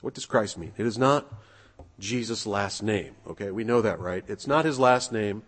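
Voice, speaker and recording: A man preaching a sermon in a relaxed, conversational way, asking his listeners rhetorical questions and pausing on fillers. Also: lowish voice. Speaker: pastor. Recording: husky voice with long hall reverb.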